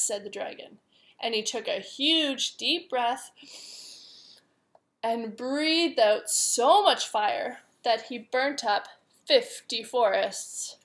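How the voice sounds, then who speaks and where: A woman reading a picture book aloud to young children, with gentle, chatty asides to her listeners. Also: a little high, expressive, slow pace. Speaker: preschool teacher.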